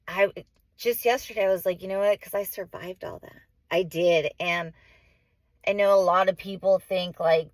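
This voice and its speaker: With a lowish voice and no room sound, a mom in her forties vlogs to the camera. She talks in a heartfelt, rambling way, leaning on "like," correcting herself, and getting emotional.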